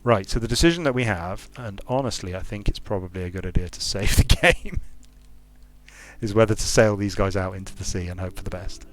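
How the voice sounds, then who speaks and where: Here a game designer and streamer narrates his strategy game play in a relaxed way. He thinks aloud, keeps restarting and repeating himself, and speaks briskly in a somewhat low voice.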